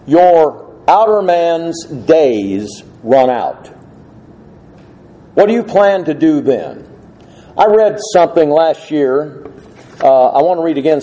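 A male pastor preaching a sermon, telling a story in a conversational way with pauses and restarts. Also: fairly high pitch, warm tone, poor audio.

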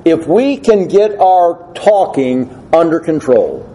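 A man's voice: on the high side, expressive, slow pace, warm tone, rough recording. A male preacher giving an earnest, emphatic expository sermon laid out in numbered points.

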